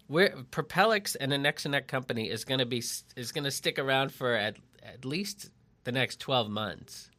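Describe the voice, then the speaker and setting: Bright-voiced chatty middle-aged man. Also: mid-range voice, creaky. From Lexington, Massachusetts. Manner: rambling, self-interrupting, joking. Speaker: mobile strategist and copy editor. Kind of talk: casual podcast chat. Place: separate barn at home.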